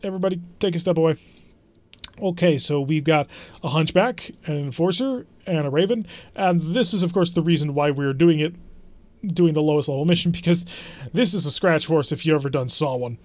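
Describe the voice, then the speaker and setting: A man talks through a strategy game in a let's play, wry and chatty, often poking fun at himself. His voice sits a little higher than most men's. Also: a little fast, a little mellow, no echo. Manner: wry, self-deprecating, chatty. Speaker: gaming channel host.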